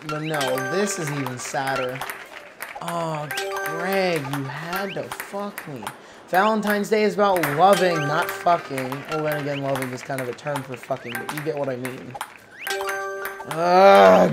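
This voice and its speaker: A man's voice: a little high, gravelly. A young man giving casual gameplay commentary, exasperated and swearing a lot as he groans and laughs at his misses. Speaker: gaming video creator. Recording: game music playing loudly under the voice. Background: game music.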